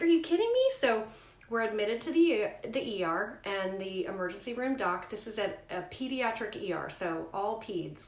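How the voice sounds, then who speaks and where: Woman, personal vlog storyteller, emphatic and animated, mid pitch, reverberant room. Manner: emphatic, animated retellings with rising outbursts. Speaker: mother sharing a family health story. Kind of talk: candid personal storytelling to camera.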